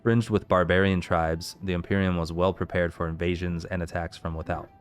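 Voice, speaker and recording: Man, let's play host, deep voice, clear and resonant, reading lore aloud, faint background music. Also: level tone, fairly quick. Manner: reads aloud steadily, stopping to puzzle over pronunciation.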